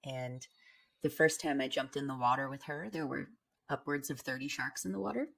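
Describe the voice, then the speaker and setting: Young woman, very low and gravelly, candid casual storyteller. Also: brisk, a bit bright. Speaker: podcast guest, healer.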